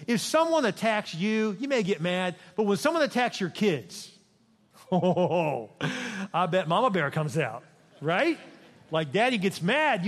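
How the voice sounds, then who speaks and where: High-voiced older pastor preaching. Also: male voice. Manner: emphatic, repeats lines with the congregation, softens for prayer. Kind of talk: sermon. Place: large church sanctuary. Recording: long reverb of a large church hall.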